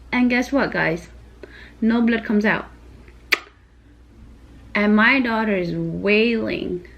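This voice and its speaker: A young woman and new mother retelling a stressful story to camera in casual, emphatic vlog style, with many fillers. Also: a little high.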